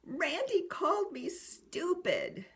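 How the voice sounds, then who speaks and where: A woman voicing an upset young child who is crying after being teased, in a high, tearful, whiny voice. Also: huge pitch swings, slow pace, fairly bright tone, heavily acted.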